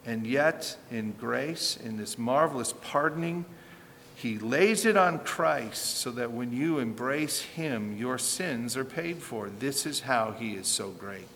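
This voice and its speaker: A man's voice: medium pitch, lively intonation, slow, creaky, a bit bright, slight background noise. A man preaching a sermon as pastor, emphatic and rising and falling in force, with rhetorical questions. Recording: reverberant hall with faint ambience.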